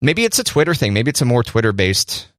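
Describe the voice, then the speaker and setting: A man's voice: mid-range voice, big pitch swings, a little fast, a bit bright, no room sound. Male podcast co-host, mid-range voice, joking and chatty, dry studio sound. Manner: playful, addresses listeners directly. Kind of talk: casual chat. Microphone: studio microphone.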